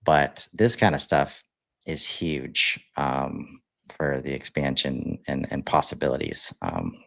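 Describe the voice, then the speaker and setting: A man's voice: extremely low pitch, slow pace, gravelly, no room sound. A man co-hosting a podcast, chatting casually with plenty of fillers and restarts. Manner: relaxed, rambling, lots of fillers. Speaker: podcast co-host. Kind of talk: casual chat.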